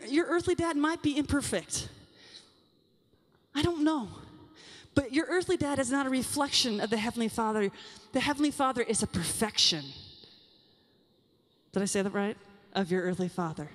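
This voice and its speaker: A young woman speaking to a women's session at a youth conference, animated and confiding, talking straight to the audience. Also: on the high side. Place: large conference hall. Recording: long hall reverb from a large venue.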